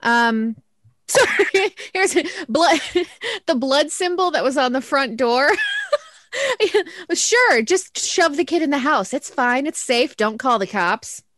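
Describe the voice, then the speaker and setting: Giggly, animated female co-host. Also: high voice, slow pace, dry recording, studio quality. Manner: giggly, animated, acts out her own reactions. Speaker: podcast co-host. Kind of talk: casual film review chat.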